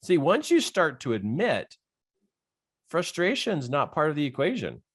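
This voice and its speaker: A man giving a motivational coaching talk, animated and often laughing as he acts out inner voices. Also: a little high, a little slow. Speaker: life coach.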